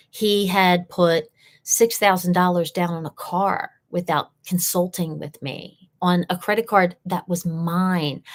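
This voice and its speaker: On a live session she hosts, a woman with a lowish voice tells an earnest personal story, driving her points home by repeating important phrases.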